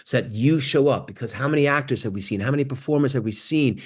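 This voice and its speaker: A man giving an animated motivational talk on a video call, swinging from loud exclamations to near-whispers. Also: mid-range voice, fast, breathy edge. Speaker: guest speaker on an acting workshop call.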